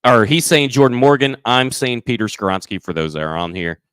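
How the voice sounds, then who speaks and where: A man at a middle pitch hosts a live sports show in casual chat. He reads out measurements and numbers with growing excitement, sometimes tripping over his words. The sound is dry and close, with no room around it. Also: fairly quick, clean tone, dry recording. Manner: stat-heavy, enthusiastic, stumbles over words. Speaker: sports podcast co-host.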